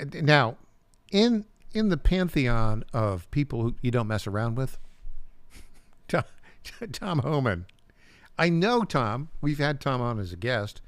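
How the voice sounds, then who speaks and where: A man's voice: medium pitch, dry recording. A man in his sixties from upstate New York, hosting a talk radio show in a casual, rambling way, repeating words and chuckling as he tells stories. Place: radio studio. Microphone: studio mic.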